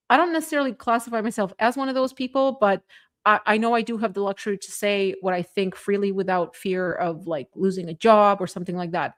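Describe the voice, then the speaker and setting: A woman hosting a casual political livestream, reading viewer comments and chatting with a sarcastic edge, laughing often. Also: medium pitch. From Canada. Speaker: livestream host reading chat.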